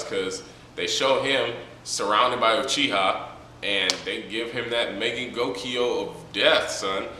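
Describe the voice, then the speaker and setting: A man's voice: on the low side, sharp tone, distant mic, slight background noise. A man reviewing a manga chapter in a casual, rambling, joking way, with many fillers. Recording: echoey room, from the mic.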